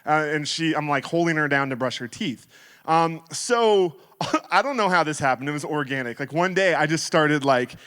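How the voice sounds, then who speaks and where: A man in his thirties giving a sermon as guest speaker, telling stories in a playful, animated way. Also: on the high side, normal speed, clean tone. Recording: reverberant hall.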